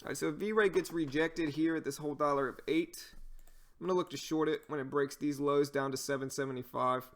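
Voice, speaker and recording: A man's voice: fairly high pitch, fairly even intonation, brisk. A man with a Cajun accent, chatting casually on a live stream as he answers viewers and explains trading. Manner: explains while answering chat, loose fillers.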